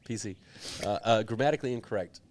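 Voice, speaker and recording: A young man, a politician, telling a personal story in an interview, earnest and animated, with many fillers. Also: on the low side, fast. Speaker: politician guest.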